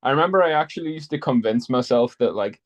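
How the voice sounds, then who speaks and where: A man's voice: medium pitch, animated, quick pace. A man from North East England, chatting casually and rambling with many fillers. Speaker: participant in an online group chat. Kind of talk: casual chat.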